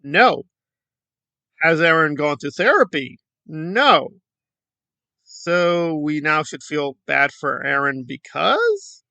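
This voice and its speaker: A man's voice: a little high, sing-song, slow, vocal fry, pushed and bright, no echo. A man giving sarcastic, mocking commentary on an online video feud. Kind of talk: reaction commentary.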